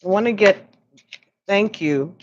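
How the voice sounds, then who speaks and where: Slow, musing woman reading oracle cards. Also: medium pitch, lo-fi sound. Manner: slow, musing, pauses to listen. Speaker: oracle card reader. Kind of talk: livestream card reading.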